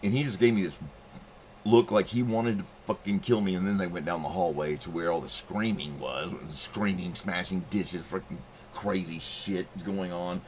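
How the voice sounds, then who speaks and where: A middle-aged channel host tells a rambling, profane story as a casual monologue, raising his voice to act out quotes. His voice is low-pitched, steady, and a little mellow at normal speed, with slight background noise.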